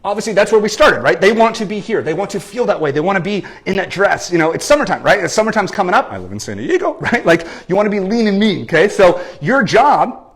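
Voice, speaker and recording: A man in his thirties giving an animated business coaching talk, often checking in with "okay?" and "right?". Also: high-pitched, quick pace, few pauses. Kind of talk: energetic marketing talk. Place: lives in San Diego.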